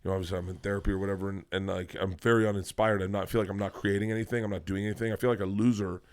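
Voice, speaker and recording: A man's voice: lowish voice, racing. A man, a guest comedian, telling rambling, profane stories in casual podcast talk in a studio. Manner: profane, rambling, energetic storyteller.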